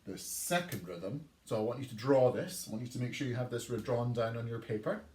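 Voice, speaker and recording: A man's voice: medium pitch, brisk. A man teaching a recorded online music lesson for children, chanting rhythm words and encouraging the pupils. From England. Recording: echoey room, faint noise.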